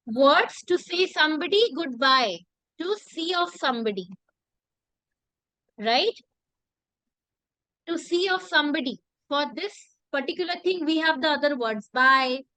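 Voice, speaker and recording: High-voiced woman teaching, dry close sound. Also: pushed and bright, dry recording, poor audio. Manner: repeats phrases slowly, asks rhetorical questions. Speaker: language teacher. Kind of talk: classroom lesson.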